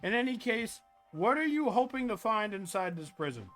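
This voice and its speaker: Male game streamer with a high, bright voice who reads game text aloud and jokes between the lines. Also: big pitch swings, normal speed, hardly any pauses, soft background music. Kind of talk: live-stream game commentary.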